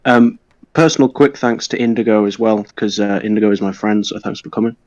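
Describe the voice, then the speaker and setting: A young man co-hosting a podcast, thanking listeners with goofy, deadpan nonsense. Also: fairly low pitch, fairly quick, no room sound, muffled recording. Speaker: podcast co-host. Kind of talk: casual chat, listener shout-outs.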